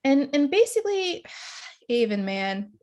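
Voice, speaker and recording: A woman's voice: sits high, slow pace. A woman co-hosting a casual show recap, chatting animatedly and acting out quotes. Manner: animated, acts out quotes in playful voices. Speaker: podcast co-host.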